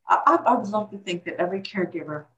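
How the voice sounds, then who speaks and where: A woman's voice: medium pitch, racing, a bit bright, muffled recording. A woman guest speaking on caregiving in an interview. She talks reflectively, often repeating words as she gathers her thoughts. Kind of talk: conversational interview.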